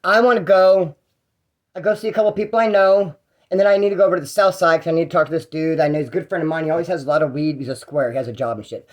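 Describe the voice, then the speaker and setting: A man's voice: fairly high pitch, very fast. A young man telling a story in a casual, slangy, rambling way, with restarts.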